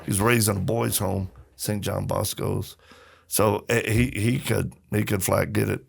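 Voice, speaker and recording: A man's voice: fairly low pitch, a little slow, vocal fry, breathy edge. A middle-aged man, a podcast guest, telling stories in a casual interview and acting out the voices of the people in them. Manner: animated storyteller acting out quotes.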